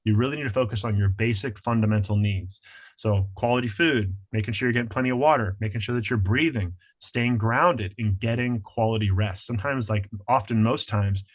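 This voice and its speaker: A man presenting a healing webinar over a video call, talking energetically to his audience and acting out inner voices. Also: brisk. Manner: energetic, acts out inner voices with rising pitch, addresses "you guys".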